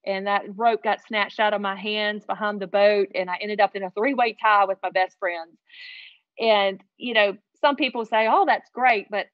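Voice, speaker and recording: A woman telling a heartfelt personal story as an interview guest, earnest and animated. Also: mid-range voice, moderate pace, no room sound, muffled recording.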